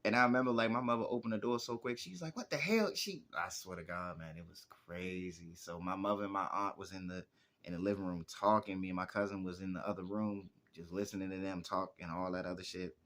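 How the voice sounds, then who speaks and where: A man's voice: deep voice, steady tone, fast, fairly bright tone. A man in his twenties, a music producer and rapper, telling stories in a casual, rambling interview with lots of filler words. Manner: rambling, heavy use of "like" fillers.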